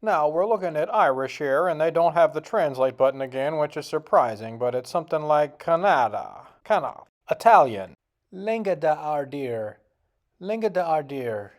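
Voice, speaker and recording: A man's voice: fairly high pitch, expressive, moderate pace, few pauses. Folksy male vlogger, jokey, casual, sounding out words himself. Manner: joking, folksy, tries out foreign words. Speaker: video host. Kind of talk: casual vlog commentary.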